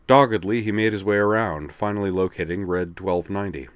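Deep guy reading a story out loud, steady pace, dry close sound. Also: fairly quick, clean tone, dry recording. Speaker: story reader. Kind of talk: audiobook narration.

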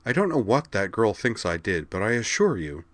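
Man putting on a prim lady counselor voice for a storybook, higher pitched, formal and nosy, dry sound. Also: sing-song, moderate pace, a bit bright, no room sound. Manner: polite, formal, probing. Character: prim adult woman school counselor, prying and easily flustered. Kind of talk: audiobook character reading.

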